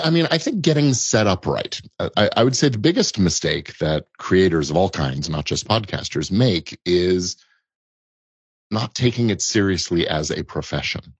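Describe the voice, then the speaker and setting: Speaking low with a breathy edge, this middle-aged man is an entertainment lawyer being interviewed. He explains things thoughtfully in conversational answers, frequently restarting phrases, and the recording is dry and lo-fi.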